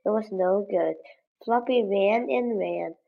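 A woman's voice: medium pitch, slow pace, vocal fry, phone-quality sound. A woman reading a graded children's story aloud for English learners, with careful, evenly paced delivery. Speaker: English lesson reader.

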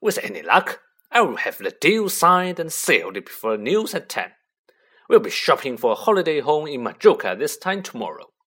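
Storybook bully: a blustering, snarling middle-aged man, loud and forceful, read by a male narrator. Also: fairly high pitch, big pitch swings, normal speed, pitched above the performer's own voice.

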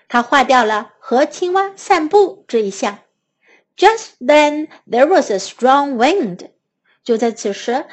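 A woman with a Mandarin Chinese accent reading a children's story aloud in two languages, slow, clear and patient. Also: sits high, fairly bright tone.

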